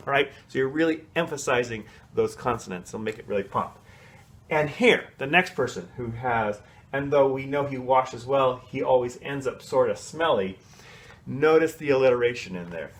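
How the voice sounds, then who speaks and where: A man teaching a children's choir, explaining solos in a relaxed, chatty way and singing short snippets to show how they go. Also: mid-range voice, normal speed, faint music behind. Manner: casual, explanatory, sings short snatches to demonstrate. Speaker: music teacher. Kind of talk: coaching a kids' choir on song solos.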